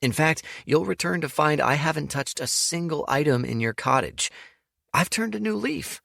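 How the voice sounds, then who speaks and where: A man voicing a sly, smooth-talking young schemer. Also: fairly high pitch, animated, moderate pace, fairly bright tone, no echo, clean studio sound, voice pushed up, heavily acted. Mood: mock-innocent. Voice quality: smooth, wheedling. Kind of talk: audiobook character voice.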